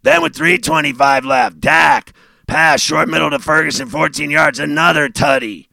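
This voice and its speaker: Sarcastic gravelly sports talk man. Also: animated, moderate pace, dry recording. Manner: sarcastic, mocking, swings from low mutter to loud outbursts. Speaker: sports radio host.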